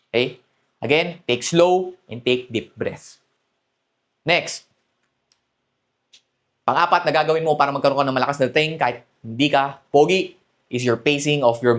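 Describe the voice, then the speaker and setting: Filipino dating coach, chatty mixed-language lesson. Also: male voice, mid-range voice. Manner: mixes Tagalog and English, repeats "okay?" to check in. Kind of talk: coaching talk to camera.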